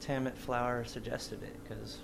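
A male musician reflects easygoingly in a casual interview, musing in a relaxed flow. His mid-range voice has faint noise behind it. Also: mid-range voice, moderate pace, gravelly. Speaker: touring band musician, interview guest.

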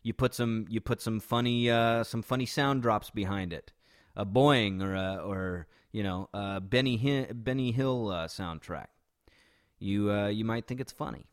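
A man recounting a shocking street incident in a casual, conversational way, often restarting and adding "right?" asides. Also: on the low side. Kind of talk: personal storytelling.

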